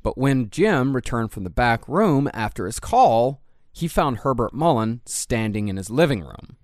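A man's voice: medium pitch, very animated, unhurried, a little mellow, dry recording, studio quality. Profane true crime podcast narrator man. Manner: reads the case with blunt, profane asides. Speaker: podcast host.

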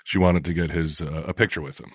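A man's voice: deep voice, quick pace, no echo, studio quality. A man co-hosting a casual podcast chat, telling easygoing stories about friends. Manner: relaxed anecdotal storyteller. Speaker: podcast co-host.

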